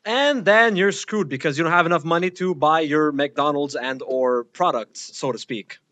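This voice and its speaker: A man co-hosting a college radio show, talking in a casual, offhand and joking way. His voice sits a bit high and sounds dry and close to the mic. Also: moderate pace, fairly bright tone, no room sound.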